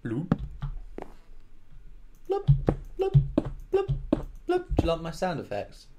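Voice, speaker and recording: A man's voice: high voice, wildly swooping pitch, takes it slowly, long pauses, very noisy. A man casually narrating his own gameplay, joking and rambling to himself as he builds. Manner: joking, rambling, talks to himself, makes silly sound effects. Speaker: let's play gamer.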